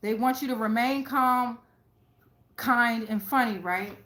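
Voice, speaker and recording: Excitable woman reading tarot, echoey room. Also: on the high side, unhurried. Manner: profane, keeps asking "right?"; excitable, repeats phrases. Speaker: tarot reader. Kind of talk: casual tarot reading to camera.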